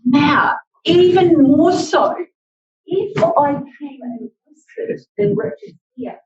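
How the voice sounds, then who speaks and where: Brief: woman, higher voice, slow-paced speaking coach, echoey room, mic far off. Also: lively intonation. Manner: slow, deliberate, demonstrative delivery. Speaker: public speaking presenter. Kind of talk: workshop presentation. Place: library meeting room. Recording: echoey, distant, dull audio.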